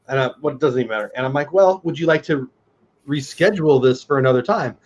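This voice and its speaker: A man co-hosting a casual watch-party chat, telling blunt, animated work stories. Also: medium pitch, fairly quick. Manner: blunt, animated storytelling with quoted voices. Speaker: co-host. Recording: dull lo-fi sound.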